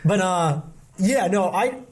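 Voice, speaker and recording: Speaking slowly but expressively, a young man with a high, slightly mellow voice co-hosts a podcast in casual chat. He rambles, using lots of fillers and restarting sentences, and there's a little hiss or hum in the recording.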